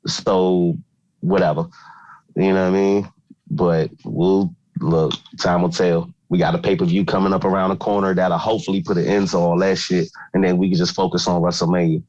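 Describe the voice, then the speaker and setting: A man's voice: deep voice, a little mellow, dry recording, muffled recording. A man co-hosting a wrestling podcast in laid-back, slangy casual chat that rambles. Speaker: podcast co-host.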